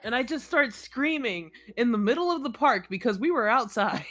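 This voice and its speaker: A woman's voice: fairly high pitch, normal speed, faint music behind. A young woman chatting casually as co-host, telling rambling stories with lots of laughter. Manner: giggly, rambling, animated storytelling. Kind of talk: casual chat.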